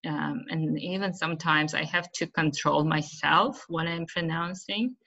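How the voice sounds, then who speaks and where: Uzbek accent lady teaching on a webinar, low bright voice, slow, muffled lo-fi audio. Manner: explanatory, many fillers and "right?" checks. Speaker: teacher trainer. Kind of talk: webinar presentation.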